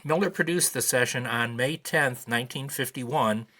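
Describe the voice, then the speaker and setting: A man's voice: mid-range voice, moderate pace, pushed and bright. A man in his seventies hosting a podcast, reading prepared notes with dry, wry asides. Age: 70s. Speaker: podcast host. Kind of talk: casual commentary reading notes.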